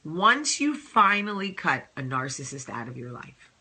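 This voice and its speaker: Sassy, bright-voiced woman vlogger. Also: deep voice, unhurried, slightly rough. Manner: animated, emphatic, sassy. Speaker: host. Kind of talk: casual advice vlog talk.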